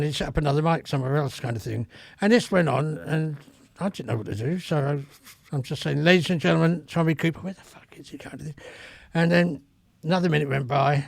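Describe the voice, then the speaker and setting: Older man, very gravelly, slightly high, rambling club stories, dry studio sound. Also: brisk, no room sound. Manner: rambling, earthy, swears freely. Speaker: comedy club veteran guest. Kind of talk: casual anecdotal storytelling. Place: podcast studio.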